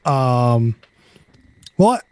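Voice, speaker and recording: A man's voice: medium pitch, very animated, very slow, a little mellow, smooth, no echo. A man hosting a casual podcast chat, joking and hedging as he talks. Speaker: podcast host.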